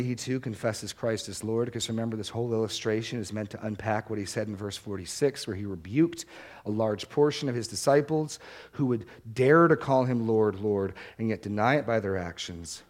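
A man preaching a sermon to a congregation, earnest, slowing down to stress key words and repeating them. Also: fairly low pitch. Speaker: pastor.

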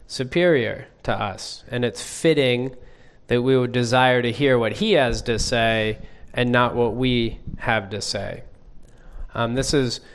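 Slow, measured man teaching a Bible class. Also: medium pitch, clear, resonant tone. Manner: measured, asks the group questions. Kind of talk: leading a group Bible study.

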